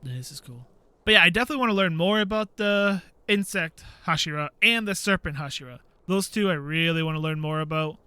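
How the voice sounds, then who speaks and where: A man hosting a gaming channel, chatting casually while he plays and acting out quotes in a high voice. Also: a little fast, bright, forceful tone, clear, resonant tone, no echo. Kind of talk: casual commentary while playing.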